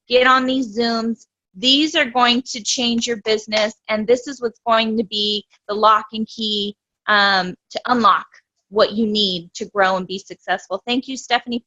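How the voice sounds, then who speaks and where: A woman's voice: a little high, bright, forceful tone. An enthusiastic woman on a video call, giving a motivational talk in a casual way. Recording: dull, lo-fi video call audio.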